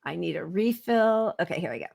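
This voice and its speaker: A woman co-hosting a political podcast. She talks at a mid pitch in a loose, conversational way, sprinkling in fillers as she goes. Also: lively intonation, brisk, vocal fry, very noisy. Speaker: podcast co-host. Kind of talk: casual political chat.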